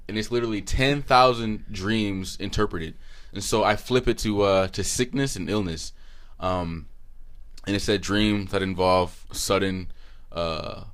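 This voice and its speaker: A man's voice: low-pitched, fairly bright tone. A young man co-hosting a podcast, telling stories in a laid-back, slangy way across a small table. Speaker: podcast co-host. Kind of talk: casual chat.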